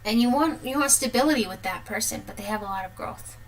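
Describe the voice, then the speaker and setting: A woman's voice: fairly high pitch, fast talker, poor audio. A woman in her thirties giving a casual, chatty tarot reading and laughing often. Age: 30s. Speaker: tarot reader.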